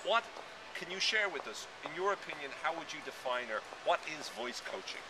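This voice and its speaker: A man's voice: on the high side, expressive, fairly quick, vocal fry. A man hosting a blog interview, asking questions in an upbeat, encouraging manner, recorded outdoors. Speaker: host. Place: outdoors in an urban area. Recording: outdoor street noise with passing traffic.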